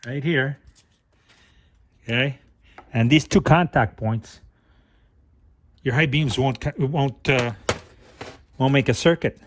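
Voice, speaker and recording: A middle-aged man talks through a hands-on repair in a slow, unhurried way, thinking aloud as he works. His pitch sits in a plain middle range. At times his words come out muffled around a flashlight held in his mouth. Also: slight background noise. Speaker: car repair channel host.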